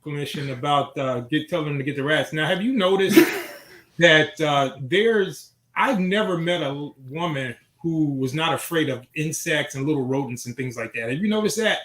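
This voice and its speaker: A man's voice: fairly high pitch, normal speed. Chicago man telling stories in an echoey room. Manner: relaxed storytelling. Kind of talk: casual chat.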